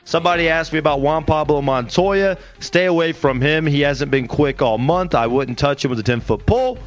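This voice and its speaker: A man hosting a motorsports radio show, telling stories in a brash, quick way. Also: on the high side, muffled recording. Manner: brash storytelling, quick bursts. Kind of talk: sports radio talk.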